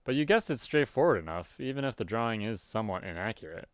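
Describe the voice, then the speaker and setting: A man reading a webcomic aloud and chatting about it casually, with sudden loud, animated outbursts. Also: on the low side, fast talker, background noise. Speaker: webcomic reader. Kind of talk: casual read-aloud with commentary.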